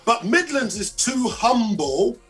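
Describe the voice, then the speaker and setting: Man as an interview guest, high and husky, emphatic, faint music behind. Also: sing-song, slow, fairly bright tone. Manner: emphatic, storytelling. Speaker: guest, gospel music promoter. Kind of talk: casual chat.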